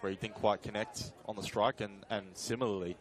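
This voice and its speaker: A man with a fairly low voice offers colour analysis during a live football match. He talks in a loose, conversational way, stopping to correct himself and filling pauses with "uh.". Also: fairly even intonation, crowd noise. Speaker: colour commentator.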